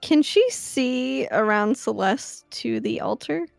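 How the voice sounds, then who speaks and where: A woman playing in a tabletop game, speaking softly and hesitantly. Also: a little high, expressive, slow pace, vocal fry, dry recording, soft background music. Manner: soft, hesitant. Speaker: player.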